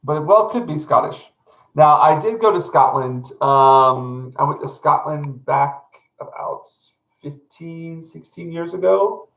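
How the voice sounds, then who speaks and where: A man's voice: a little high, unhurried, gravelly, a bit bright. A middle-aged man from North Carolina, chatting casually with stream viewers in a rambling, self-correcting, friendly way. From North Carolina, USA. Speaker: live art streamer. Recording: echoey room.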